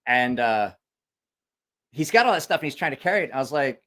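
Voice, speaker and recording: A man with a medium-pitched, fairly bright voice hosts a casual livestream, speaking briskly and with lots of animation. He rambles through a profane story packed with quoted voices. He's an adult with a school-age kid.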